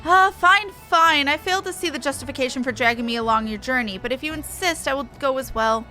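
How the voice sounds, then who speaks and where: A woman's voice: sits high, brisk, bright, forceful tone, soft background music. A woman voicing a haughty, fussy female scholar in a video game, with formal, archaic phrasing, reading the dialogue aloud. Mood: grudging.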